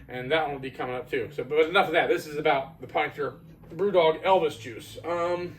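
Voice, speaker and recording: A man's voice: fairly high pitch, fairly quick. A man reviewing his own homebrewed beer in a casual chatty video, rambling with fillers and restarts.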